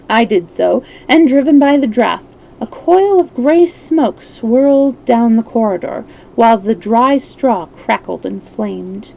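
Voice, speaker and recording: A woman's voice: a little high, animated, measured pace, creaky, a little mellow, poor audio. A woman storyteller reading a classic story aloud expressively, with small slips and restarts.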